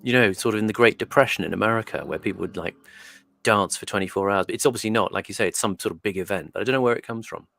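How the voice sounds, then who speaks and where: A man's voice: on the low side, very fast, vocal fry, fairly bright tone. A man in casual online discussion, reviewing a documentary and thinking aloud as he explains. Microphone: remote call setup.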